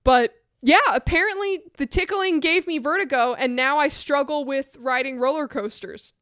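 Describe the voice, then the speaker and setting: A woman co-hosting a casual podcast, telling a personal story in an animated way and acting out the voices in it. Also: high voice, moderate pace, no echo, studio quality. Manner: animated, acts out voices in her stories. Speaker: co-host.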